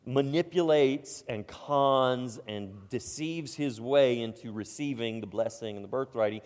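Middle-aged guy preaching in a church, keeps restarting words, goes quiet then loud, big hall echo. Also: medium pitch, a little slow. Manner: conversational, stammering restarts, swings from soft asides to loud emphatic bursts. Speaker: pastor. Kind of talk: sermon. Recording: long hall reverb.

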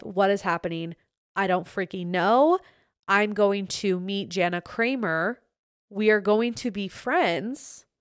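A young woman hosting a solo podcast, chatting in an excitable, gushing way. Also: mid-range voice, smooth, no echo, studio quality. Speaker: podcast host.

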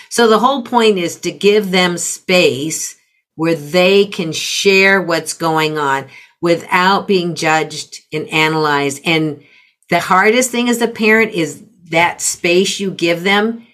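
A middle-aged woman coaching parents in conversation, calmly explaining with example phrases. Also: on the low side, slow. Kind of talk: conversational teaching.

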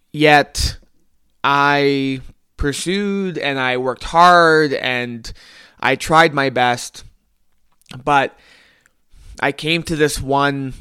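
A man's voice: mid-range voice, pushed and bright, clear, resonant tone, no room sound, clean studio sound. A young man hosting a podcast, telling a personal story in an earnest, reflective way with small restarts. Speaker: podcast host.

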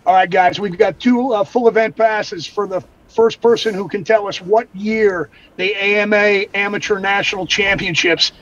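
A man's voice: sits high, fairly even intonation, normal speed, hardly any pauses, a bit bright. A man appearing as a guest, enthusiastically promoting an event in casual chat. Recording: dull remote feed with faint noise.

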